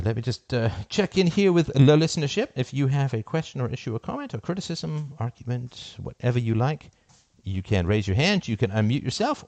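A middle-aged man with a lowish voice holds forth in an impassioned monologue, his pitch leaping up for emphasis before dropping into quiet asides. The sound is close and dry, with no room around it. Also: no room sound. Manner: emphatic, swings from loud rising peaks to low muttered asides. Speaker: host of a call-in show.

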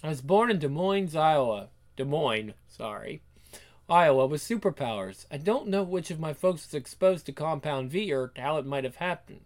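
An earnest young superheroine, read aloud by a man, explaining her past patiently and at length. The voice sits fairly high. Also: animated, moderate pace, lightly acted.

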